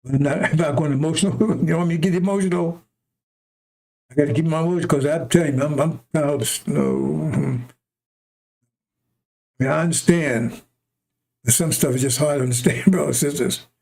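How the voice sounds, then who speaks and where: Emphatic preacher man, higher voice. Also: brisk, gravelly, pauses often, darkish tone. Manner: repetitive, emphatic, chuckling asides. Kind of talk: impassioned street-style sermon.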